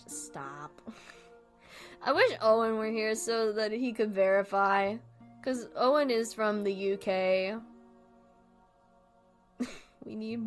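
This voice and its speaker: A young woman streaming and chatting casually, rambling from thought to thought, laughing often and swearing freely. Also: on the high side.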